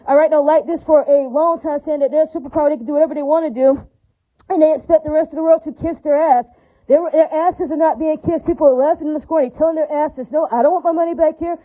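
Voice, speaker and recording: A woman's voice: high-pitched, steady tone, quick pace, dark tone, poor audio. A woman giving an angry, profane monologue rant, heated and preachy, with lots of repetition.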